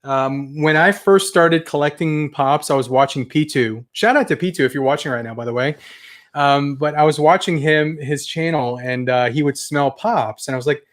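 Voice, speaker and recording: On a toy collecting livestream, a young adult man chats casually, rambling with enthusiasm as he reads out viewer comments. He's the channel's host, and his voice sits on the high side at a moderate pace.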